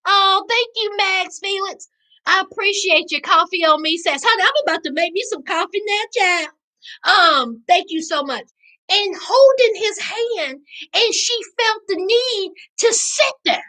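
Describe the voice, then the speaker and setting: A woman hosting a live-stream recap, chatting with her viewers in an animated, preachy way. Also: very high voice. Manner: animated, preachy, Southern slang, addresses chat as y'all. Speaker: reality TV recap host.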